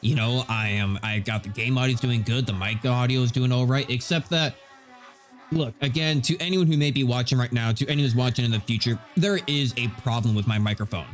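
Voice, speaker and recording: A male streamer talks casually through his game session, rambling and correcting himself as he goes. His voice sits at a middle pitch and comes through a little nasal on his streaming mic. Faint music from the game plays underneath. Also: fairly quick. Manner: rambling and self-correcting, chatty. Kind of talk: casual live-stream chat while gaming. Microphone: streaming microphone. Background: game audio.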